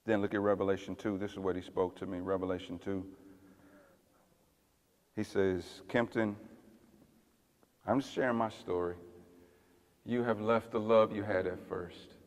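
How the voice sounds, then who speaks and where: A man preaching a sermon as pastor, swinging from loud fiery passages to hushed tender ones. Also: lowish voice, level tone, normal speed, pauses often, big-room sound.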